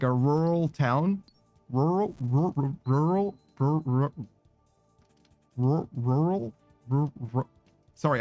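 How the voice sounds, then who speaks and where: While streaming a game, a man chats casually, rambling, cursing and laughing at himself. His pitch is fairly high, and the recording is dry.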